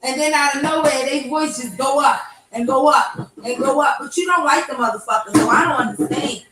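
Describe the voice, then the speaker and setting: Blunt high-voiced woman ranting on a livestream. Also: a little fast, fairly bright tone, soft background music. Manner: blunt, profane, ranting, talks to chat. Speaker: livestream host. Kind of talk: casual morning livestream talk. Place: home, kitchen. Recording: echoey room with faint noise.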